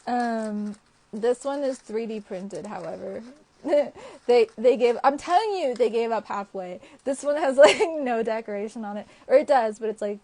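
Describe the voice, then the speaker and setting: A woman's voice: fairly high pitch, moderate pace, dark tone. A young woman chatting casually to viewers on a livestream, rambling with lots of fillers and frequent laughs. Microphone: phone or webcam livestream.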